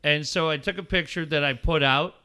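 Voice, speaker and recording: A man's voice: on the high side, brisk, clean tone. A middle-aged man co-hosting a radio show, telling a story in casual banter and acting out each line of dialogue. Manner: animated storyteller acting out dialogue, swears freely. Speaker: radio co-host.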